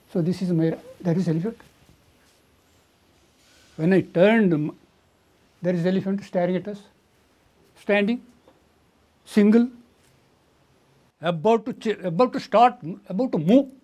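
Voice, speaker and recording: Older indian guy, dark mellow voice, telling his story in halting broken-off bits. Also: sits high. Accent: Indian English. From southern India. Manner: halting, restarts mid-phrase, vivid retelling. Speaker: coffee estate owner. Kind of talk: recounting an attack in an interview.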